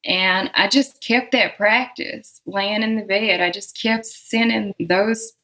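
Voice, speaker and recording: A Southern woman talks in an unhurried, thoughtful way, letting her words stretch out. She has a Southern American accent and breaks into easy laughs as she speaks. Her voice sits at an ordinary middle pitch. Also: fairly even intonation, bright, forceful tone, rough recording. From Southern United States. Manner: reflective, unhurried, laughs often. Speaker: guest musician. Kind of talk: relaxed interview conversation.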